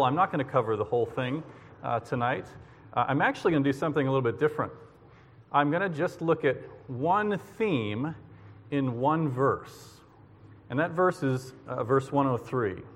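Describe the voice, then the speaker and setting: A man giving an earnest, measured sermon as guest preacher at a church service. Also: mid-range voice. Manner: measured, earnest, slows for emphasis. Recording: long hall reverb.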